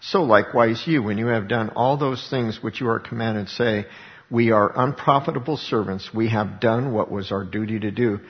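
A man's voice: medium pitch, gravelly, long reverb tail, highs cut off. A man preaching a sermon, reading scripture aloud and then explaining it in a conversational way with rhetorical questions. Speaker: pastor.

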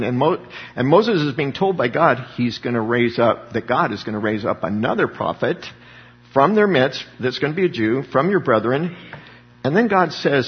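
A man's voice: mid-range voice, very animated, moderate pace, husky. A man preaching a sermon in a conversational way, acting out the people he quotes. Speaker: pastor. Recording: dull lo-fi sound with long hall reverb.

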